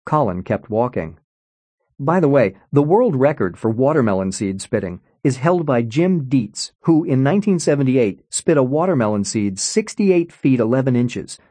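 A man narrating an audiobook in an expressive storytelling manner, on a close studio mic. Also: mid-range voice, moderate pace, no echo. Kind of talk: scripted narration.

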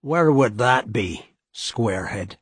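A man voicing a hungover, loud-mouthed railroad foreman who roars and bullies his crew. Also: mid-range voice, lively intonation, slow pace, breathy edge, dry recording, heavily acted. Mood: menacing. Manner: roaring, bullying.

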